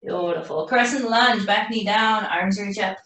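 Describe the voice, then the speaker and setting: A woman teaching a live yoga class, cueing poses calmly while doing the flow herself and running out of breath. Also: mid-range voice, moderate pace. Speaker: yoga instructor. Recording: roomy echo from far off the mic.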